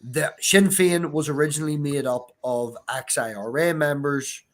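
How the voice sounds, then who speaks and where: A man's voice: fairly high pitch, moderate pace. A man from Ireland, chatting casually on a stream and explaining things step by step with casual swearing. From Northern Ireland. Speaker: stream guest. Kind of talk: casual chat.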